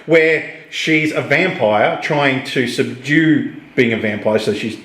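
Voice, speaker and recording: A man's voice: medium pitch, takes it slowly. An Australian man co-hosting a casual chat, telling stories and teasing the others. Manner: animated storyteller, teasing. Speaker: co-host. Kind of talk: casual banter. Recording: roomy echo.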